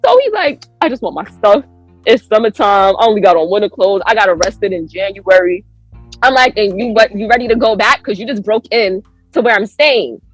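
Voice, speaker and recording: Speaking briskly over faint music in a rough recording, this American woman tells a casual podcast story. She's animated, performing quoted lines with large leaps in pitch.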